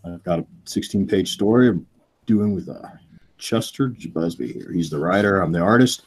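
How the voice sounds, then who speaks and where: Real deep husky guy on a stream panel, plugging his socials. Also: moderate pace. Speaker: panel guest, artist. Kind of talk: casual livestream chat.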